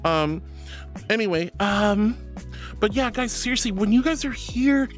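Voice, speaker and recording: A woman streaming as a VTuber, chatting casually and playfully with her viewers and teasing them in squeaky, cutesy tones. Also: expressive, unhurried, faint music behind. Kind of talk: casual live-stream chat.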